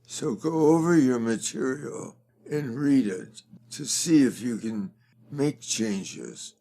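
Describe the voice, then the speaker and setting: An older man speaks slowly and deliberately as a fundraising guest in a relaxed interview. His voice carries a gravelly, creaky edge, and he lingers over his words. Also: medium pitch. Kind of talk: conversational podcast interview.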